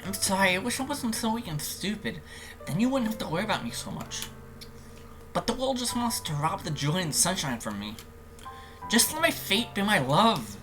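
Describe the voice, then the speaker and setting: A man reading a visual novel aloud, voicing a timid, depressed teenage girl in a high, soft, shaky voice with hesitant, tearful pleading. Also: big pitch swings, moderate pace, over music, poor audio.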